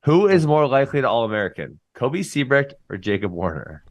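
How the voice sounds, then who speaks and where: A man's voice: mid-range voice, big pitch swings, fairly quick, no echo, highs cut off. A man co-hosting a podcast, chatting casually in a playful, teasing way. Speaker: podcast co-host and former wrestler.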